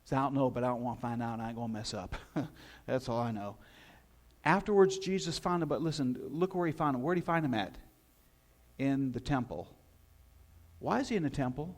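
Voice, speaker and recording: A man preaching a sermon as pastor, telling the story in an animated way and putting questions to the congregation. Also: mid-range voice, a little fast, pauses often.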